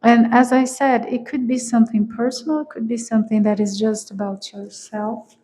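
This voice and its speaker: A tarot reader whose first language is not English, speaking slowly and searching for words, often laughing as she gives a collective reading. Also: on the high side, dark tone, poor audio.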